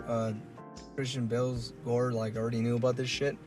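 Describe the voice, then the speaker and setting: A man's voice: mid-range voice, level tone, fairly quick, music in the background. A man co-hosting a casual podcast, recapping movie scenes in slangy talk. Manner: laid-back, slangy, recounts scenes. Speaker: podcast co-host. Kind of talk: casual movie review chat. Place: collectibles shop.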